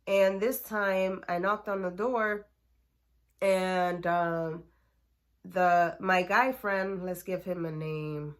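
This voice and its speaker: A woman's voice: on the low side, steady tone, slow pace. A woman telling a personal story in a casual, chatty way, full of slang and fillers. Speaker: storyteller vlogger.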